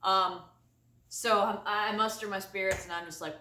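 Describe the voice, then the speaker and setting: A woman vlogger telling a comic story to camera, exaggerated and animated, laughing often. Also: mid-range voice, moderate pace, echoey room, recorded from a distance, a little hiss or hum. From United States.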